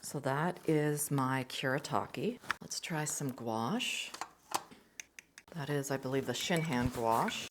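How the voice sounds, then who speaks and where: A woman's voice: deep voice, background noise. A middle-aged woman hosting a casual art vlog, chatting with enthusiasm and murmuring to herself as she tests pencils and paint. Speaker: art channel host.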